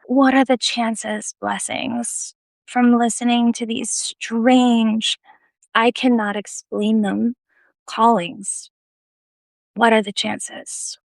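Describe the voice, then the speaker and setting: Woman, casual live-video storyteller, lively and self-deprecating, dry close sound. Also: a little high, very slow, creaky, pauses often, no echo. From United States. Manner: animated, laughing, self-deprecating.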